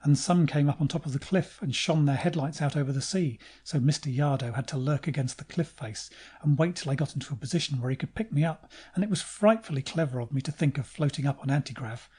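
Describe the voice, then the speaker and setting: Male audiobook narrator, dark mellow tone, measured first-person reading. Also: on the high side, breathy edge.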